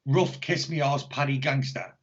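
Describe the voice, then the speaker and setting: Rambling, sweary English bloke, lo-fi. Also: male voice, mid-range voice, normal speed. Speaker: podcast co-host. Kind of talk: casual chat. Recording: dull lo-fi podcast audio.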